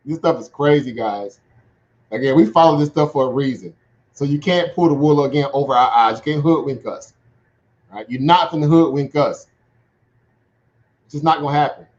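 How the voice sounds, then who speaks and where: A man's voice: mid-range voice, moderate pace, pauses often, darkish tone. Stream host, male, casual market commentary, chatty and laughing, muffled audio. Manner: chatty, laughs often, keeps asking "right?". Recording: dull lo-fi sound.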